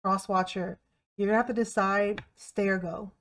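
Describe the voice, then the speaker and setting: A woman's voice: mid-range voice, fairly even intonation, moderate pace. A woman giving a tarot reading to camera in a blunt, emphatic way, repeating herself and swearing freely. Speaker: tarot reader.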